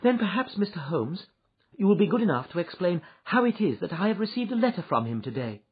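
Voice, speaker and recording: Man doing a high anxious Victorian lady, insistent, husky, lively, lo-fi storybook reading. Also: brisk, exaggerated voice. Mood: pressing. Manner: pleading and insistent. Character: anxious genteel Victorian wife, eager. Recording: dull lo-fi recording.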